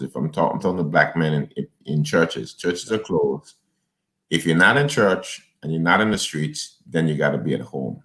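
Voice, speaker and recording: A man's voice: a bass voice, a bit bright. A man, a pastor, talking in an interview in a preacherly, urging way, often repeating and restarting words. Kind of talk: conversational interview, exhorting.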